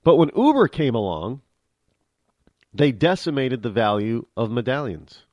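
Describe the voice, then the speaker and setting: A man holds forth on his talk show in an unscripted monologue. His pitch swings widely as he presses his points, and he often doubles back and repeats words mid-thought. The voice is mid-pitched and recorded close and dry, with no room sound. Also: big pitch swings, measured pace, a little mellow, no room sound. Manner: conversational, emphatic, frequent restarts and repeated words. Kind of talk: opinionated monologue.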